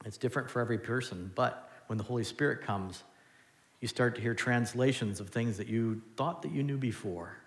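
A man preaching a sermon as pastor, animated, swinging between loud and hushed. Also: mid-range voice. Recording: long hall reverb.

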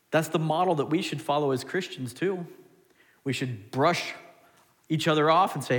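Animated preacher man in a reverberant hall. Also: fairly high pitch, moderate pace. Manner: animated, swings from loud to hushed. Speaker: pastor. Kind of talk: sermon.

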